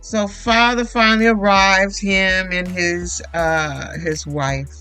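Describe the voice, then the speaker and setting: Brief: woman host, casual profane recap, animated quotes, bright tense tone, light music behind. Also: medium pitch, takes it slowly, clear, resonant tone, rough recording. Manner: blunt, profane, animated retelling with quoted voices. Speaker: YouTube reality TV commentator.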